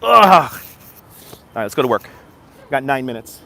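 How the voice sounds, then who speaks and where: A man's voice: mid-range voice, very animated, moderate pace, gravelly, bright, forceful tone. An upbeat man live-streaming outdoors on a city street from his phone, greeting viewers by name and giving them a motivational push. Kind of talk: casual live-stream chat.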